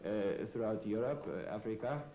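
A man being interviewed on a television variety show, talking haltingly with many fillers in a put-on foreign immigrant accent. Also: lowish voice, animated, echoey room, over a noisy crowd, rough recording. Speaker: comedian guest. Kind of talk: in-character talk show interview.

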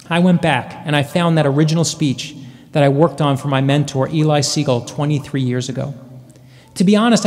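A man in his forties delivers a commencement address with a notably high-pitched voice. He tells his stories earnestly and leans on dramatic pauses. The sound rings with the long reverb of a large hall. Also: a little mellow. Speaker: commencement speaker.

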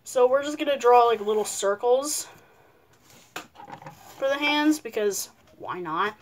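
A woman's voice: fairly high pitch, lively intonation, a little slow, a little hiss or hum. A woman hosting a casual paper-craft tutorial at home, chatty and playful, with rambling asides. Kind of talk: casual how-to narration.

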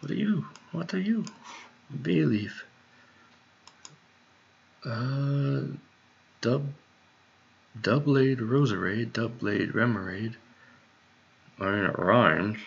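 A man's voice: medium pitch, slow pace, creaky, long pauses, husky. A man muttering to himself as he works out song lyrics, trying word pairs under his breath. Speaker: songwriter. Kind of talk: muttering while working on lyrics. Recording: dull lo-fi mic with faint noise.

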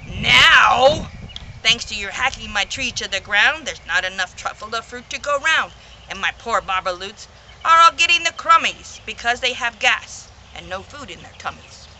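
A woman voicing a grumpy small male forest creature who scolds loudly, in a storybook reading. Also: fairly high pitch, slight background noise. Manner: loud, scolding, drawn-out shouts.

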